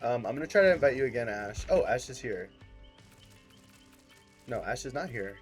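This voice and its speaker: A man's voice: mid-range voice, lively intonation, moderate pace, faint music behind. A man streaming a game from home, chatting casually with viewers and cheering and laughing often. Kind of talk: casual gaming livestream chat.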